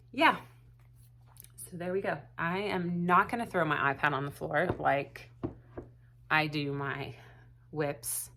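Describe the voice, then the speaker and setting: A woman's voice: on the low side, sharp tone. A woman hosting her crafting vlog, chatty and self-deprecating, laughing at herself. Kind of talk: casual chat to camera.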